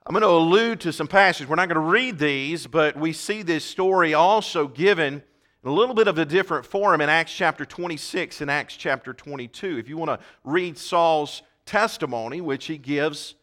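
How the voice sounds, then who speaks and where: Male preacher, sermon, emphatic, surges loud, bright tone, slightly high voice. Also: moderate pace. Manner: emphatic, swells loud on key points, repeats words.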